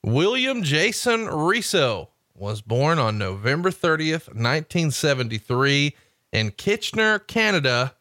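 A man's voice: a little high, big pitch swings, unhurried, pushed and bright, no echo. A man co-hosting a podcast, upbeat and promotional, often tacking "man" onto his sentences. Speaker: podcast co-host. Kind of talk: casual podcast chat with ad reads.

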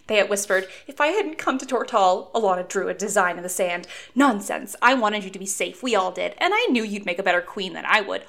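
A woman's voice: a little high, lively intonation, brisk, fairly bright tone. A woman in casual conversation recapping a fantasy novel, laughing often and acting out characters' lines. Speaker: podcast co-host. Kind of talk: casual book discussion.

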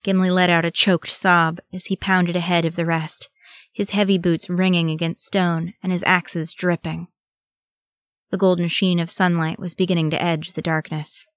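A woman reads a story aloud in steady, measured narration. Her voice sits low for a woman. The recording is dry and close, with no room sound. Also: no room sound. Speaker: audiobook reader. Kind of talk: reading fan fiction aloud.

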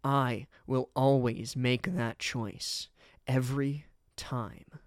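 Casting: man as a gruff, guarded young swordsman, curt and grave. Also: mid-range voice, steady tone, slow, dry recording, clean studio sound, lightly acted. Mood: resolute. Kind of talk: storybook reading.

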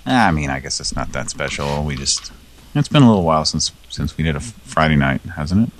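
A man's voice: very deep voice, lively intonation, fairly quick. A man co-hosting a casual comedy show, rambling and giggling through his jokes. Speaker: podcast co-host.

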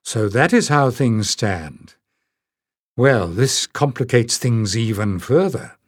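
A man reading aloud, voicing a calm, weary woman leader in a storybook with little change to his own voice. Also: medium pitch, slow pace, no echo.

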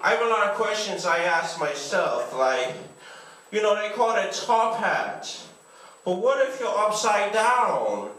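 A man's voice: sits high, sing-song, unhurried, a bit bright. A man performing a rambling, profane stand-up set on a comedy club stage, full of absurd observations. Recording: echoey live room, mic from a distance, faint hiss.

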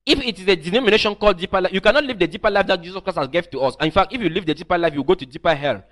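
A man's voice: sits high, racing, fairly bright tone. A man preaching an online teaching sermon, emphatic and often repeating or restarting his phrases.

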